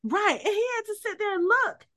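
A woman's voice: very high voice, brisk, no room sound, clean studio sound. A woman co-hosting a podcast, casually recapping a TV episode and acting out the characters' lines as she retells scenes. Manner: animated retelling, acts out quoted dialogue. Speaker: podcast co-host.

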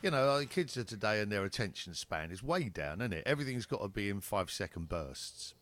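A man's voice: on the low side, very animated, a little fast, fairly bright tone. A man in casual podcast chat, reflecting and musing aloud.

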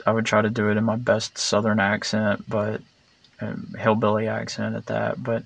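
A man's voice: lowish voice, little pitch movement, normal speed, vocal fry, a bit bright, dry recording. A man talking in a rambling opinion monologue, meandering and digressive, blunt and sarcastic, full of fillers and restarts. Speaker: vlogger.

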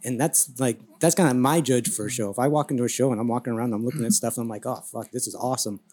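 A man's voice: medium pitch, very fast, darkish tone. A man chatting as a guest artist on a podcast, laid-back and enthusiastic, swearing casually. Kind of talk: casual chat.

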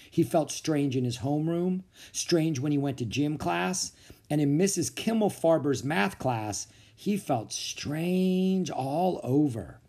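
A man reading a children's novel aloud as a podcast storyteller, with expressive, animated narration. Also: medium pitch.

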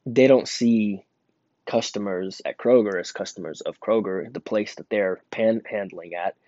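A young adult working at a store tells a rambling, casual story about his job, his speech cluttered with fillers and restarts. He talks a little slowly in a warm voice on the low side, and the recording is dull, lo-fi and dry.

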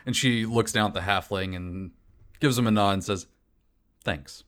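Hesitant lower-voiced man playing a tabletop game. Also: brisk, fairly bright tone. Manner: hesitant, many fillers, laughs. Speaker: player.

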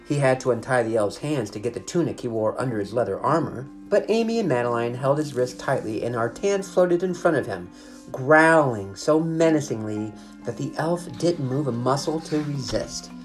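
Brief: mid-pitched audiobook narrator for a kids' fantasy chapter book; steady, expressive read; light guitar bed. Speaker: storyteller. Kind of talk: reading a children's chapter book aloud.

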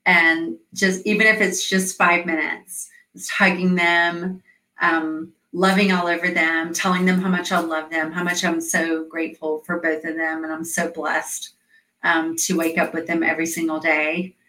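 Bright-voiced middle-aged woman, roomy sound. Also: fairly low pitch, level tone, normal speed, far from the mic. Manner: earnest, storytelling, frequent fillers. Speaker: guest, coach. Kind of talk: conversational interview. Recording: roomy echo.

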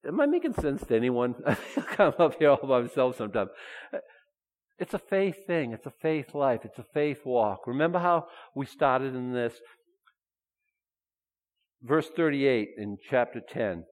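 A man preaching a sermon as pastor, animated, asking his listeners rhetorical questions and adding chuckling asides. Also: mid-range voice, unhurried. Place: church sanctuary. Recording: long hall reverb.

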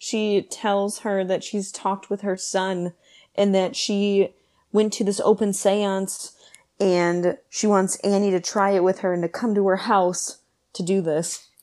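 A woman's voice: mid-range voice, level tone, measured pace, warm tone. A woman chatting casually about a film, reacting with enthusiasm and laughing often.

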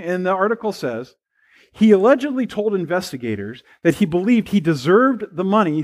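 A man preaching a sermon in a church in a conversational, storytelling manner with light humor. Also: high-pitched. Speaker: pastor. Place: church sanctuary.

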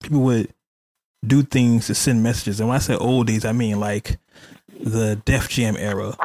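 A man's voice: on the low side, fairly even intonation, moderate pace, a little mellow, dry recording. A man hosting a casual podcast, chatty and hedging, stopping often to say allegedly. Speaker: podcast host. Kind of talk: casual hip hop news chat.

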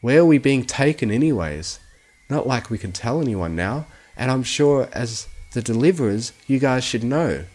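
A man's voice: medium pitch, expressive, normal speed, darkish tone, voice pushed up, natural voice. A man voicing a cautious, thoughtful young male pegasus colt. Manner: cautious, reasoning.

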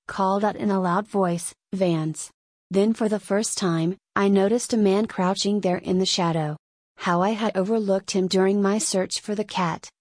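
A woman narrating an audiobook in a steady, measured way. Her voice has a middle pitch, and the recording is dry, close and free of room sound. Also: no room sound. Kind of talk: audiobook reading.

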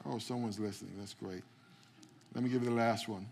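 A man's voice: mid-range voice, fast, creaky, a little mellow. A man preaching a sermon as pastor, calling out to the congregation and often repeating words as he starts a phrase. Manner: preaching with call-outs to the congregation. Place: church sanctuary.

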